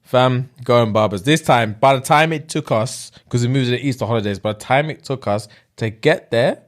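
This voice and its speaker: A man's voice: medium pitch, moderate pace. A young British man, a podcast co-host, telling a comic story in casual slang-filled chat and laughing often. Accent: British English.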